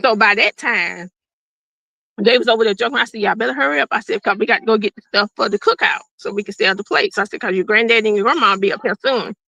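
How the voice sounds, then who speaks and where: A woman's voice: medium pitch, quick pace, creaky, pushed and bright, no room sound, dull audio. A middle-aged woman, a guest telling her own survival story in plain, unscripted talk and acting out what people said. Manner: plain-spoken, acts out quoted dialogue.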